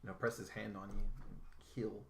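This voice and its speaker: A man's voice: fairly low pitch, level tone, brisk, creaky. Guy game master, casual and hesitant, roomy sound w faint hiss. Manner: casual, hesitant, with many fillers. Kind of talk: narrating a tabletop game.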